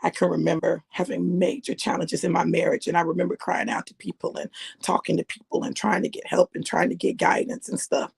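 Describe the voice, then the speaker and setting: Gravelly, husky woman preacher testifying. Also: lowish voice, fairly even intonation, brisk, darkish tone, no echo. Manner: earnest, conversational, repeats phrases for emphasis. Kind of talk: personal testimony sermon.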